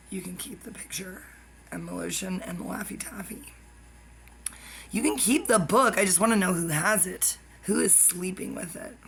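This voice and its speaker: Woman vlogger, gravelly fry, rambling monologue, topic-hopping with whispered asides, faint hiss behind. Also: on the low side, a bit bright, poor audio. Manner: stream-of-consciousness, jumps between topics, drops into whispered asides. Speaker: YouTuber.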